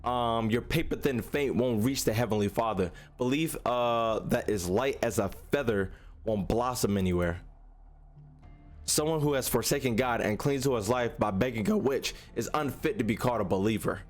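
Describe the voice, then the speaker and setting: A man's voice: medium pitch, normal speed, faint music behind, voice pushed down, close to an everyday voice. A man reading as a mocking vengeful witch-saint. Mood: cruel.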